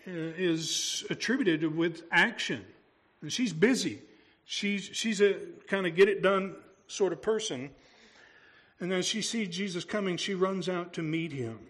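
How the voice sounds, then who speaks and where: A man's voice: high-pitched, fairly bright tone. A male pastor preaching a sermon, talking through the story in a conversational way and asking his congregation rhetorical questions.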